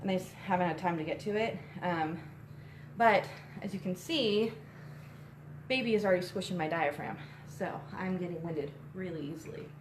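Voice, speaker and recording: A woman's voice: fairly low pitch, moderate pace. A young woman talking in a loose, rambling way, with plenty of "um"s, and audibly winded. She is recorded on a phone in an echoey little shop, with a faint hiss underneath. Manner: chatty, rambling with many fillers. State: out of breath. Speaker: co-host and shop co-owner. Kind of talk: casual live-stream chat. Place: inside a small shop. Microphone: phone on a tripod. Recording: echoey room with faint noise.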